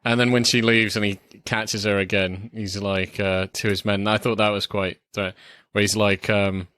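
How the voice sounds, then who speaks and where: A man co-hosting a casual film podcast, talking haltingly with many fillers. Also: fairly low pitch, flat delivery, a bit bright, no room sound, studio quality. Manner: halting, lots of fillers and swearing. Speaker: podcast co-host. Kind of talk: casual film review chat.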